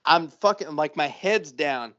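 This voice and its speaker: Podcast guy ranting through a story, high-ish voice, swears constantly, dull muffled audio. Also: a little slow. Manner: profane, animated storyteller. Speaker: podcast co-host. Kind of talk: casual storytelling chat.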